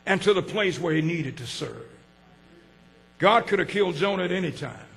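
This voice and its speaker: A man, preaching a sermon with call-and-response, swinging from shouts to hushed asides. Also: on the high side, big pitch swings, normal speed, gravelly, pauses often. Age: 60s. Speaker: pastor.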